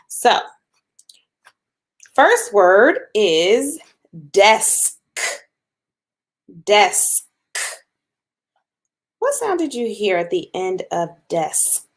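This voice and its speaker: A woman teaching a phonics lesson to young children, patient and encouraging, sounding out letters slowly. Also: medium pitch, big pitch swings. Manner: slow, patient, drawn-out sounds with encouraging praise.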